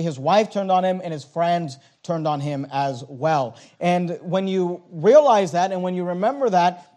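High-voiced man preaching a sermon. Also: a little mellow. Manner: earnest, emphatic when reading scripture aloud.

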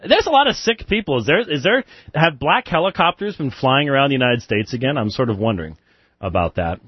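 A man's voice: mid-range voice, very animated, brisk, husky, dry recording, muffled recording. A man hosting a live call-in show, chatting loosely with chuckles and answering Bible questions. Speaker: radio show host.

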